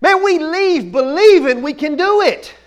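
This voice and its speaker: A man preaching an energetic sermon, full of folksy asides and sudden shouted bursts. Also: extremely high pitch, a little slow. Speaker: pastor.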